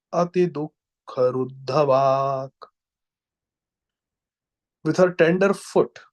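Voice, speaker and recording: A man reading devotional scripture aloud, chanting Sanskrit verses slowly and then explaining them in English. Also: medium pitch, creaky, darkish tone, husky. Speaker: scripture reader and preacher.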